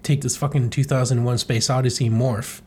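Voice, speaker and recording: A man's voice: medium pitch, fairly even intonation, brisk, a little mellow, a little hiss or hum. A man hosting a podcast, giving a rambling, irreverent comedic recap of a comic and swearing often. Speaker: podcast host.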